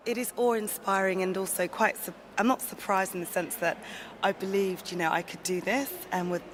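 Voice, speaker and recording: A woman's voice: medium pitch, steady tone, fairly quick. Earnest woman being interviewed, keeps restarting words, busy hall noise behind. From England. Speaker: interview guest. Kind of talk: interview answers. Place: large indoor lobby. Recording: noisy public lobby. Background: people talking.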